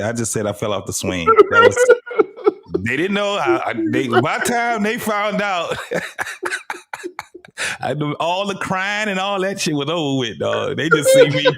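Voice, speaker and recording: A young man with a high, very lively voice tells wild stories on a casual podcast. He keeps breaking into laughter, his pitch swinging up and down as he goes. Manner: animated, laughs often while telling stories. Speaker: podcast co-host. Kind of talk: casual storytelling chat.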